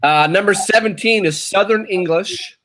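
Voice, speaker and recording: A man's voice: high-pitched, normal speed. A man on a casual live show, steadily reading out a ranked countdown between bits of chatter. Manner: steady, announcing list entries between chatter. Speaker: co-host reading a ranked list.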